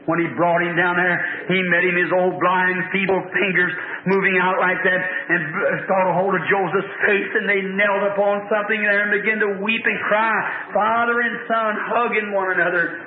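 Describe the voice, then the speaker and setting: Man, revival preacher, fervent storyteller, high voice, echoey room, tinny old tape. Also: little pitch movement, normal speed, hardly any pauses. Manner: fervent storytelling, swelling to cries. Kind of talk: revival sermon.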